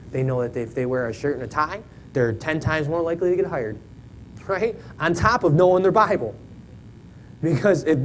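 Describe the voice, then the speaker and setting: A man in his thirties gives a casual, joking sermon from a church pulpit. He talks in a folksy way and keeps checking in with "right?". A faint low rumble sits under the recording. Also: darkish tone, poor audio. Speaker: church member preaching. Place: church sanctuary.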